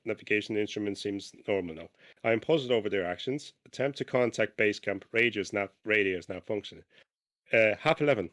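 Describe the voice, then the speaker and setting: A man with a lowish voice reads an old flight log aloud for a podcast, stumbling over words and restarting lines. He keeps breaking off to chat about what he just read, in a loose, casual way. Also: fairly bright tone. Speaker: podcast co-host.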